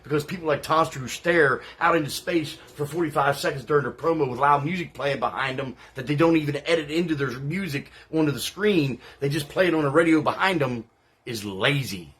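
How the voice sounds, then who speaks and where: A man acting as a salty veteran wrestler cutting a trash-talk promo, brash and contemptuous. His voice is husky and breathy, and he swears freely as he taunts his rivals. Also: on the high side, fairly quick, a bit bright. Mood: scornful.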